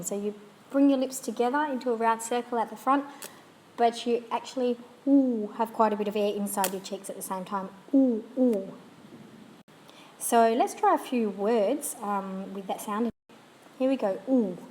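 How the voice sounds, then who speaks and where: Woman demonstrating pronunciation slowly. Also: medium pitch, a little mellow, a little hiss or hum. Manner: slow, demonstrative, models sounds clearly. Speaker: language teacher. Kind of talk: pronunciation lesson.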